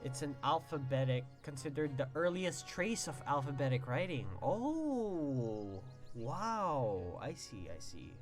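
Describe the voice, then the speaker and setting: Excitable young man streaming a game. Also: medium pitch, takes it slowly, few pauses, over music. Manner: excitable, swears and exclaims between read-out passages. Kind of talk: casual game streaming, reading game text aloud.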